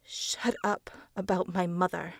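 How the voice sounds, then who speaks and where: Lady reading as a desperate trapped guy, begging, slow gravelly voice. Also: on the low side, little pitch movement, no echo, clean studio sound. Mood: weary. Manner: pleading, strained. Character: tormented young man, desperate and trapped.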